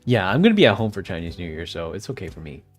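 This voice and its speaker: A man chats loosely with his stream audience, drifting from one thought to the next and laughing along the way. His pitch moves around a lot as he talks, and faint music plays behind him. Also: very animated, racing. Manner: rambling, easily distracted, laughs often. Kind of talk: casual chat with livestream viewers.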